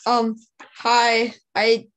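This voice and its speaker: A woman's voice: on the high side, monotone, extremely slow, fairly bright tone. A woman presenting her comic over a video call, nervous and apologetic as she explains it. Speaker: workshop participant.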